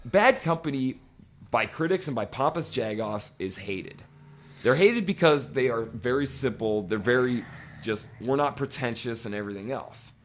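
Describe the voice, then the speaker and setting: A man's voice: mid-range voice, expressive, normal speed, a little hiss or hum. A man co-hosting a podcast, ranting emphatically and swearing constantly in casual chat. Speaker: podcast co-host. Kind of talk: profane casual podcast rant.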